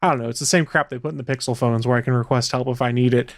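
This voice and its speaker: A man's voice: medium pitch, steady tone, racing, no room sound. A man co-hosting a podcast, talking casually with wry, dry humor. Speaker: podcast co-host. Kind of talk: casual chat.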